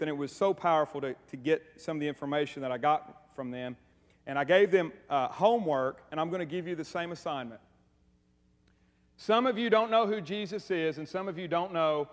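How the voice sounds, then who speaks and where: A man preaching a sermon in a church, energetic and conversational, mixing humor with repeated questions to the congregation. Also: fairly high pitch, big-room sound. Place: church sanctuary.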